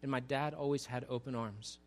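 A pastor preaching a sermon in a conversational way, with asides to the congregation, and building to an emphatic, raised delivery. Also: male voice, mid-range voice, fairly even intonation, a little fast.

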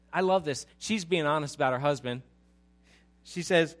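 A man preaching a sermon, addressing his congregation directly and rising into loud, emphatic passages. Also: fairly high pitch, normal speed. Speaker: pastor.

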